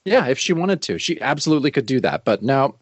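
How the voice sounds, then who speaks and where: A man co-hosts a casual podcast and recaps story scenes in a relaxed, agreeable way. His pitch sits in a middle range. The recording is dry and close. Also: quick pace, no room sound. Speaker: podcast co-host. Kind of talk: casual chat.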